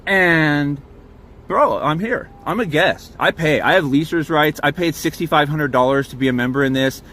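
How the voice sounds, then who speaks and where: This campground guest records on his phone camera from inside his truck, agitatedly telling his side of a dispute with plenty of profanity and rambling, then turning to argue with officers. He has a slightly high, fairly bright voice, lively intonation, and a moderate pace.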